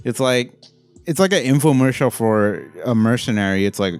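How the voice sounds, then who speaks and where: A man giving a casual, rambling, profane movie review, getting animated as he rants. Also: mid-range voice, normal speed, clear, resonant tone, soft background music.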